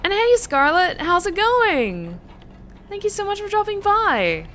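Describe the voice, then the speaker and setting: A woman's voice: very high voice, big pitch swings, unhurried, a bit bright, pitched above the performer's own voice, heavily acted. An Australian streamer talking in a put-on general American accent while she plays a game and greets her viewers. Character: herself in a neutral American accent. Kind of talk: live game stream commentary.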